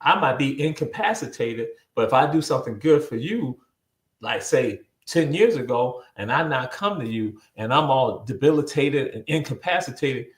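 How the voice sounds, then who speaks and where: A man's voice: medium pitch, moderate pace. A man speaks as a guest over a video call, recounting his story with lots of energy. He loops back on his words and slips into voices for the people he quotes. His voice sits in the middle range, and the room audio has a noticeable echo. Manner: animated, repeats words, acts out quoted voices. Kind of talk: casual storytelling interview.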